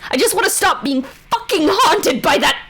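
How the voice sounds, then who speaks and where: A woman voicing a haunted woman adventurer who swears and shouts in desperation. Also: fairly high pitch, lively intonation, a little slow, a little hiss or hum. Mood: furious.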